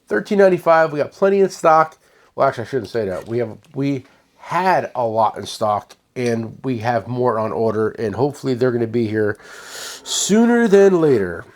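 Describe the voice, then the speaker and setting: A man's voice: mid-range voice, vocal fry. A man who owns a tool shop, giving a casual, rambling sales demo of his products and often restarting his sentences. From United States.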